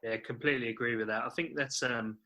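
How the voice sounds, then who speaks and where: Male guest pundit, bright tone, quick casual chat full of fillers. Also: medium pitch, steady tone.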